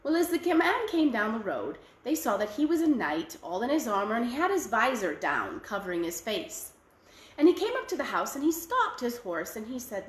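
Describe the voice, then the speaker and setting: Animated woman telling a fairy tale. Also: on the high side, moderate pace, roomy sound. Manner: animated and expressive. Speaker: library storyteller. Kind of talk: reading a fairy tale aloud.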